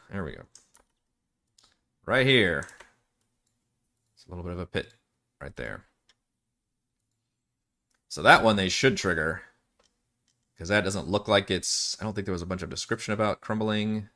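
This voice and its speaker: A man's voice: sits low, normal speed, pauses often, bright, forceful tone. A man acting as dungeon master, chatting casually and rambling during live-streamed game prep, often laughing and swearing.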